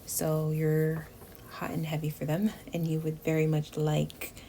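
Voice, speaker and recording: A tarot reader with a low voice and a measured pace gives a casual reading to her viewers. She is chatty and emotive and often drops to a near whisper. Steady background noise runs underneath.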